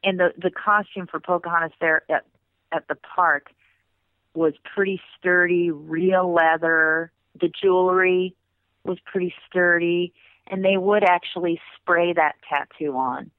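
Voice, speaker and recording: A woman's voice: fairly low pitch, unhurried, dry recording. Woman on a tinny phone line. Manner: animated, with bursts of laughter. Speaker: former theme park performer, interview guest. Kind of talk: casual storytelling.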